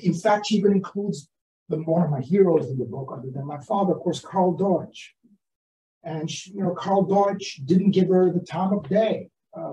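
A man's voice: on the high side, warm tone. Older man, distant in a roomy seminar room. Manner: halting, many restarts and fillers. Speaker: guest speaker, author. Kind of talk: academic seminar talk.

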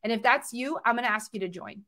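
A woman presenting on a livestream, giving an emphatic, repetitive motivational sales pitch. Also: quick pace, sharp tone.

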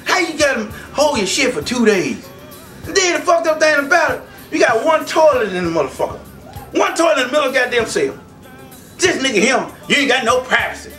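A man telling profane stand-up comedy stories in a loud, animated way, often breaking into shouts. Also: very high-pitched, a little fast. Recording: distant mic, faint music behind.

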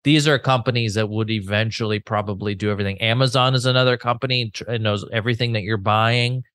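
A man's voice: lowish voice, fairly even intonation, quick pace, fairly bright tone, no echo, studio quality. A man co-hosting a podcast, musing in an easygoing way and thinking aloud with fillers. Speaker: podcast co-host. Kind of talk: casual podcast chat.

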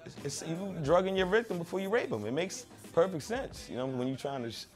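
A man's voice: a little high, lively intonation, fairly quick, soft background music. Ny guy talking street stories, cusses a lot, faint beat in the back. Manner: streetwise, profane storytelling. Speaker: rapper being interviewed. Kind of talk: casual interview talk.

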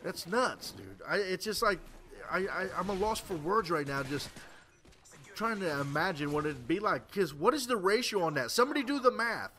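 A man's voice: high-pitched, sing-song, moderate pace, pushed and bright, slight background noise. A tired man doing casual game commentary, rambling crudely and stammering through restarts. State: tired late at night. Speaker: gameplay commentator.

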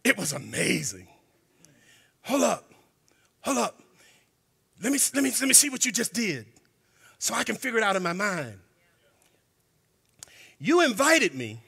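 Preacher guy going off in church, really high sharp voice, shouts here and there, big echo trailing off. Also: sing-song, normal speed, gravelly, pauses often, husky. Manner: emphatic, colloquial, breaks into shouts. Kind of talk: sermon. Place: church sanctuary. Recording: long hall reverb.

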